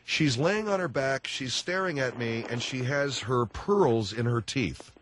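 A man's voice: medium pitch, a little slow, fairly bright tone, a little hiss or hum. A man hosting a call-in radio talk show, questioning guests and reining them in. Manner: reins in and scolds guests.

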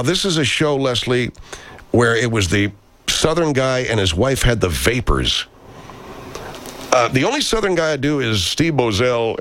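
A man's voice: low voice, fairly bright tone. A man hosting a live stream, chatting casually and reading viewer comments aloud, loose and profane, speaking into a studio microphone. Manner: loose and profane, aside-heavy.

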